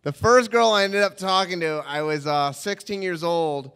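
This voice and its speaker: High, gravelly young man telling a funny story. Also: moderate pace. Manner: animated, self-mocking, laughs often, trailing fillers. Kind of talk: live comedic storytelling. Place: stage in a hall before an audience. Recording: reverberant stage hall.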